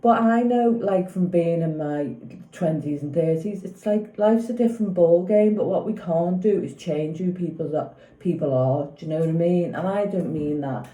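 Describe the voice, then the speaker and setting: A woman in her fifties rambles through her opinions in a casual vlog, looping back on herself and seeking agreement. Her voice is deep-toned and very mellow, with no brightness at all. The room around her rings with a noticeable echo. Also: moderate pace. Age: 50s. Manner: rambling, opinionated, keeps asking "do you know what I mean". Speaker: vlogger. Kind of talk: casual opinion chat about a TV show. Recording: echoey room.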